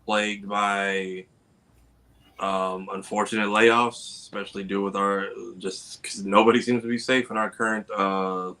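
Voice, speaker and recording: A man on a casual gaming podcast gives his opinions in a measured, earnest way, often pausing on filler words. His voice sits lowish and has a bright, forceful edge. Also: level tone. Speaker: podcast co-host.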